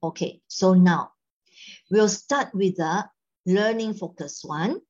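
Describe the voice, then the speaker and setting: A woman with a Malaysian accent leads a Mandarin lesson, switching between English and Mandarin as she explains each word. She speaks slowly with a slightly husky voice. The recording sounds dull and lo-fi. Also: fairly low pitch, a little mellow. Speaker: Mandarin teacher. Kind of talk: language lesson.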